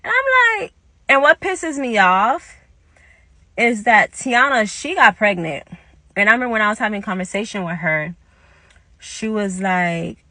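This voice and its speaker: A young woman tells a casual story and acts out every quoted line in an animated way. Her voice is bright and forward. The recording is dry and close. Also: mid-range voice, normal speed, dry recording. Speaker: vlogger telling a story.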